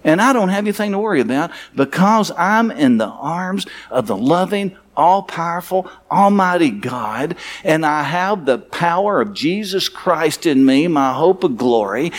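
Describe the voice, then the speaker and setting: A male pastor preaching a sermon and closing in prayer, fervent and emphatic, repeating phrases and asking rhetorical questions. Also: on the high side.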